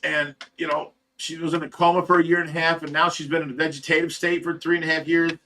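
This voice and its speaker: A man's voice: a little high, little pitch movement, quick pace, pushed and bright, a little hiss or hum. A man hosting a fish rescue livestream, telling stories casually to his chat with laughter. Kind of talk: casual storytelling to a live chat.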